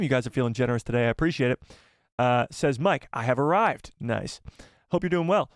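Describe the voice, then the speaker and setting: A man hosting a live fan show, chatting casually, reading donation messages and reacting with animated repeats. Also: mid-range voice, brisk, dry recording, clean studio sound. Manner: animated, exclaiming, repeats himself.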